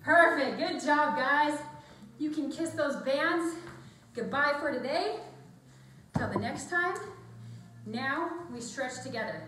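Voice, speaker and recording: An upbeat woman fitness instructor coaches a workout class, cheering people on and counting reps, slightly out of breath. Her voice sits a bit high and rings in a very echoey room, picked up from some distance. A faint room hum sits behind her. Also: lively intonation, takes it slowly, a bit bright. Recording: echoey room, mic far off.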